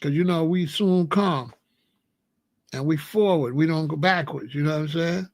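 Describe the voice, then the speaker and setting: Gravelly, higher-voiced American man chatting. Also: moderate pace, no room sound. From United States. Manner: animated, rambling, repeats phrases. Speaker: host. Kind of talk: casual storytelling chat.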